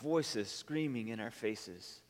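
A pastor in his thirties talks his congregation through a personal story at a mid-range pitch. He speaks loosely, with fillers and restarts. The sound carries a long reverb from the hall around him. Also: animated, takes it slowly. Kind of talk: sermon.

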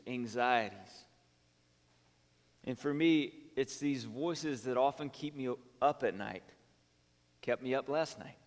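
A pastor in his thirties talks his congregation through a personal story at a mid-range pitch. He speaks loosely, with fillers and restarts. The sound carries a long reverb from the hall around him. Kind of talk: sermon.

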